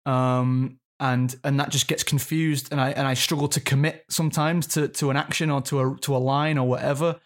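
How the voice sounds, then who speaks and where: A man's voice: medium pitch, steady tone, normal speed, few pauses. A man in his thirties, an actor, talking reflectively in an interview and searching for his words. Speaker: actor guest. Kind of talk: interview conversation.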